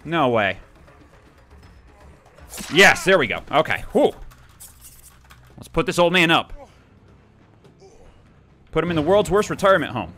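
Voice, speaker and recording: Young male let's-player, bright and animated, gleefully taunting and yelling. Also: mid-range voice. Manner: playful taunting, excitable outbursts. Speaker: gaming YouTuber. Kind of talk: let's play commentary.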